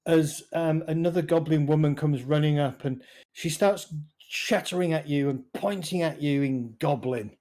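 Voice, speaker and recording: A game master narrating a tabletop game in a casual, halting way. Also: mid-range voice, warm tone.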